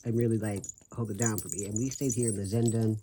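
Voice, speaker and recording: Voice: medium pitch, fairly even intonation, fast talker, mellow, slight background noise. A vlogger talking casually to camera in a sassy, brash, profane way, laughing often, with speech slurred by a swollen tongue. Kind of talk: casual vlog talk.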